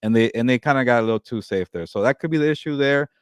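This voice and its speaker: A man co-hosting a sports podcast, giving a quick, casual analysis of a game. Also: mid-range voice, clean tone, no room sound.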